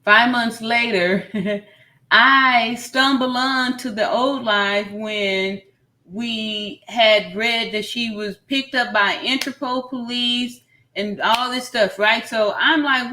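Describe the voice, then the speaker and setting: A woman's voice: fairly high pitch, takes it slowly. A woman hosting a casual commentary vlog, talking straight to her viewers and laughing often at herself. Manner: laughs often, animated, self-mocking; talks straight to viewers, y'all. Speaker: nurse YouTuber, channel host.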